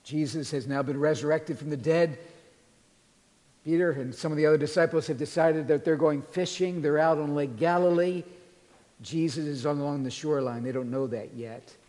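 A pastor preaching a sermon in a church, earnestly retelling scripture and quoting it in a softer voice. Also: male voice, fairly high pitch, normal speed. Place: church sanctuary. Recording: long reverb of a large hall.

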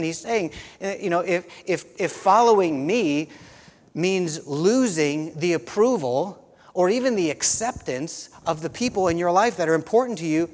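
A man preaching a sermon as a pastor, conversational, often restarting phrases and saying "you know.". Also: sits high. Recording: long hall reverb.

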